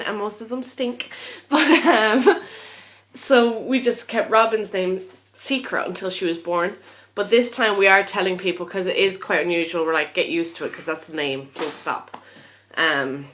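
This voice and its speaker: A woman's voice: on the high side, moderate pace, a bit bright. A young woman chatting casually to camera in a vlog, tired and a little out of breath, rambling and frank with lots of ums. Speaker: vlogger.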